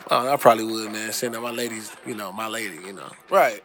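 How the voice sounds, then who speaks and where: A man's voice: fairly low pitch, quick pace, few pauses, bright, forceful tone. A young adult man hosting a casual commentary monologue, ranting loosely with heavy slang and profanity. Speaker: host.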